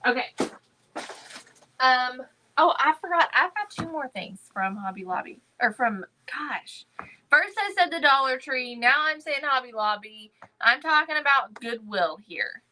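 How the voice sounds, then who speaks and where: A woman hosts a live crafting stream, casually chatting about thrift finds and greeting viewers by name. Her high voice is animated and sharp-toned at a measured pace, though the audio is poor.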